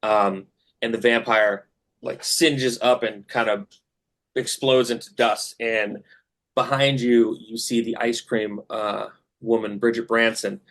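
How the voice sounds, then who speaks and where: A man's voice: medium pitch, fairly even intonation, slow pace, fairly bright tone. Man narrating as game master, filler-heavy. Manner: descriptive, with many fillers.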